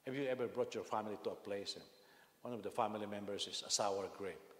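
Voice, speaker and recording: A man's voice: on the low side, fast. A man preaches a sermon in a big reverberant church hall, his voice carrying a long ringing tail. He tells anecdotes animatedly, often restarting and repeating words as he builds his point. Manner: animated storytelling, frequent repetitions and restarts. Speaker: senior pastor.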